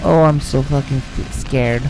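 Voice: mid-range voice, fairly even intonation, darkish tone, slight background noise. A gaming channel host giving live let's-play commentary, thinking aloud and breaking into panicky, swearing outbursts while playing. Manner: thinks aloud, reading game text slowly.

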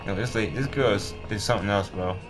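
A man casually commenting on his gameplay as a streamer, slangy and quick to react out loud. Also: on the low side. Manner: slangy, reacts loudly to the game. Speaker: gaming streamer. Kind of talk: casual let's-play commentary. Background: game music.

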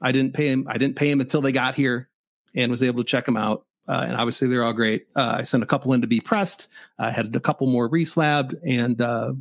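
A comic shop owner from Michigan, in his forties, telling a story in a casual, animated way and acting out both sides of the exchange. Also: mid-range voice, brisk, dry recording.

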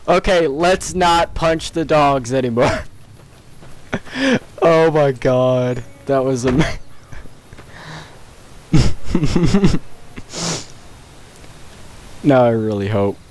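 A man's voice: mid-range voice, a little mellow. A young man giving casual let's-play commentary at his computer, breaking into panicky yelps and shrieks and laughing often. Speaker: gamer.

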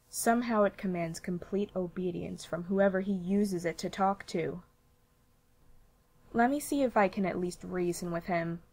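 A woman voicing a cold, scornful young girl who speaks in a flat, dry, contemptuous way. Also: on the low side. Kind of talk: cartoon voice acting demo.

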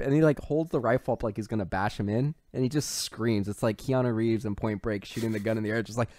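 A man co-hosting a podcast, casually retelling a film's plot with swearing and quick quoted lines from the characters. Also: on the low side, no room sound, clean studio sound. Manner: profane, animated retelling with put-on character quotes. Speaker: podcast co-host. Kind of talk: casual movie recap chat.

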